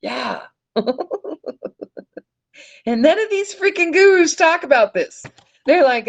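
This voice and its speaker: A woman presenting an animated teaching monologue, speaking emphatically, calling listeners "folks" and swearing casually. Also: high-pitched, slow pace, pauses often, dull audio. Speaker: online presenter.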